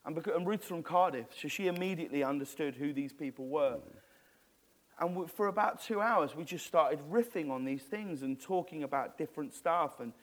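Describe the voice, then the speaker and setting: Male guest, raised pitch, animated live-interview storyteller, chatty and rambling. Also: fairly quick. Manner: animated, rambling, many restarts.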